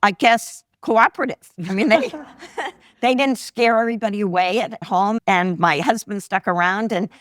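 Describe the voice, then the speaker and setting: On a dry recording, a sixties-aged woman with a medium-pitched voice talks at a moderate pace. She's a guest investor in a live podcast interview, telling her personal stories with animation and voicing the characters she quotes. Live audience laughter fills the background.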